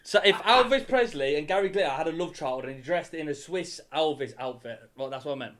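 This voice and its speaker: Excitable swearing young British man. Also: fairly high pitch, brisk. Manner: swears a lot, laughs through an animated story. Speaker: podcast co-host. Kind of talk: casual chat.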